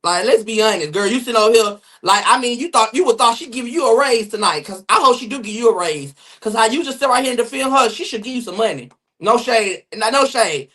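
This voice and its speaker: Sassy streamer dishing gossip. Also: male voice, extremely high pitch, pushed and bright. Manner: sassy, rapid, swearing, addresses chat viewers. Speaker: gossip show host. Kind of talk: livestream gossip commentary. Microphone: phone or webcam mic on livestream.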